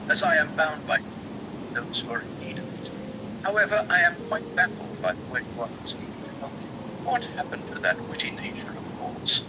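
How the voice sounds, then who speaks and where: A man's voice: on the high side, sing-song, a little fast, heavy background noise. A text-to-speech man voicing a courtly, teasing chamberlain. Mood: puzzled. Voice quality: smooth synthetic voice. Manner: formal, courtly, gently teasing. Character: polite, teasing male chamberlain of a mad god. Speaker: AI chat character.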